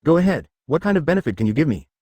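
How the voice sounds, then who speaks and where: Man voicing a confident young martial artist, sly and brisk, animated delivery. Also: a little high, breathy edge, dry recording, clean studio sound.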